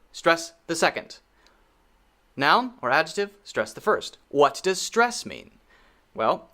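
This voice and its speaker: A man teaching an English pronunciation video lesson, patient, repeating words slowly for drilling and checking in with a frequent "okay?". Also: on the high side, sharp tone.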